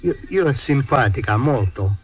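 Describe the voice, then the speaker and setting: An actor playing an emotional, middle-aged immigrant truck driver, who stammers and weeps easily. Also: male voice, medium pitch, normal speed, breathy edge, soft background music, low-quality recording. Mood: earnest. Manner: excitable, tearful, stammering.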